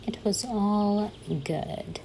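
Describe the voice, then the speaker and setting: A young woman chats casually in a voice-over while setting up her bullet journal, giggling and making self-mocking jokes along the way. Her voice is medium-pitched with drawn-out words, and the recording is very noisy.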